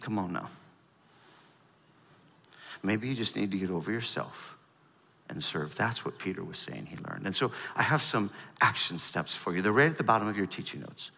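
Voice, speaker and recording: A middle-aged man preaching a sermon, animated and storytelling, prompting the congregation. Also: fairly low pitch, moderate pace, gravelly, pauses often, breathy edge, in a large hall. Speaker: pastor.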